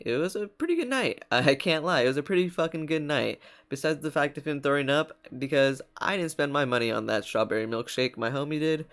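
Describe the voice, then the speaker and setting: A young man telling a story for his vlog in a relaxed, slangy way, his voice sitting at a middle pitch. He keeps breaking into laughter as he talks. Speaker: vlogger.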